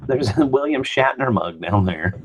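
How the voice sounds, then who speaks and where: A man's voice: medium pitch, animated, normal speed, slight background noise, low-quality recording. A man hosting a casual live morning show, chatting in a wry, wondering way. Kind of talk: casual chat.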